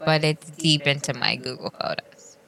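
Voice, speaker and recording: A woman's voice: low voice, fairly even intonation, normal speed, vocal fry, crowd noise. A young woman co-hosting a casual podcast chat, telling stories in a giggly, teasing way, recorded in a small room with a slight echo. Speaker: podcast co-host.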